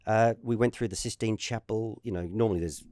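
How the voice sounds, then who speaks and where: A man's voice: lowish voice, fairly quick, no echo, clean studio sound. An Australian man in his fifties, a former tennis player, telling stories as a guest in casual chat, acting out what people said. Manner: lively storyteller, acts out quotes.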